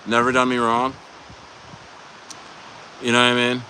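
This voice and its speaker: A man's voice: medium pitch, completely flat delivery, a little slow, rough recording. Rambling young man streaming outdoors. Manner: rambling, heavy on fillers. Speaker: livestream host. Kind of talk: casual livestream chat. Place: outdoors at a beach. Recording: loud outdoor wind noise.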